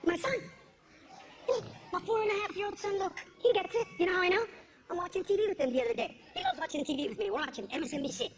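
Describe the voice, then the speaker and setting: High-pitched, animated female stand-up with a ranting delivery, recorded lo-fi. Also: fast talker. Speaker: stand-up comedian. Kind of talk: stand-up comedy. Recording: dull lo-fi recording with loud crowd.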